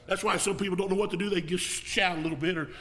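A man preaching as an evangelist in a folksy style, now and then rising to a shout and coughing. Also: high-pitched, steady tone, quick pace. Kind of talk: sermon.

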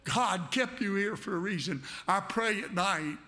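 A man preaches a sermon with a high, bright and forceful voice. He speaks fervently and directly to the congregation, driving points home by repeating his phrases. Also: unhurried.

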